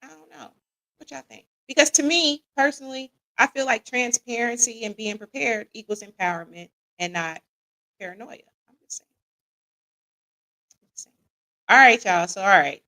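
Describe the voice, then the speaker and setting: Woman host, chatty and casual, gravelly, bright tone. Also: a little high, moderate pace, long pauses, low-quality recording. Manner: casual and conversational, often asks the audience "what y'all think"; reads audience comments aloud and laughs along. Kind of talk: live-stream chat with an audience.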